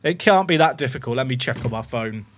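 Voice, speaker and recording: A young man giving excitable, chatty live commentary while streaming a football management game, swearing casually as he talks to his chat. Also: medium pitch, fast talker, slight background noise. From England.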